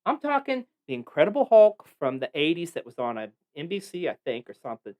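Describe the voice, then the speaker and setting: A man's voice: on the high side, fast. Man podcast host, casual chat, swearing a lot, wandering off topic, voice rising and falling a lot. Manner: animated, profane storytelling; rambling and digressive.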